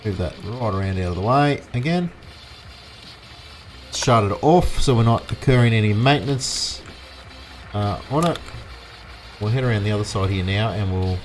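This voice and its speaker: A man's voice: lowish voice, moderate pace, pauses often, slight background noise. An Australian man giving casual, rambling commentary while livestreaming a farming game and chatting with his viewers. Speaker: livestream gamer. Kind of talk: casual live gameplay commentary.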